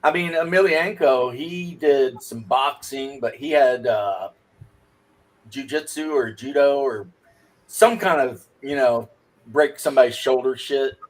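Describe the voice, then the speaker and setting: Stammering storyteller, male, mid-pitched, loose casual delivery. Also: measured pace. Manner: rambling storyteller with stammered restarts. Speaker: livestream co-host. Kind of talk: casual chat.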